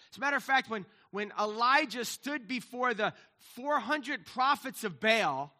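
High, bright-voiced male pastor preaching. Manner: swings from quiet, intimate asides to loud emphatic preaching; repeats key phrases for emphasis. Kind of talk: sermon.

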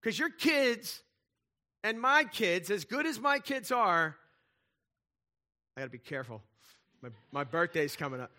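A man preaching a sermon as pastor, conversational and animated, with playful asides and frequent check-ins with the congregation. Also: high voice, unhurried, long pauses.

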